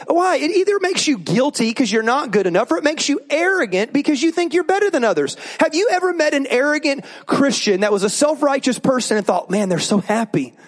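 A male pastor giving a sermon in an animated, joking way, prompting the congregation to repeat words back. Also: extremely high pitch.

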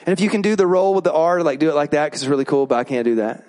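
A male pastor giving a sermon in an animated, joking way, prompting the congregation to repeat words back. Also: a little high, very fast.

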